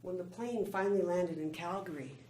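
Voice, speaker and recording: A middle-aged woman giving a prepared personal speech, telling her story in a slow, measured way with pauses. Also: lowish voice, mellow. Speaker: club speaker. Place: meeting room. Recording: echoey room, faint background noise.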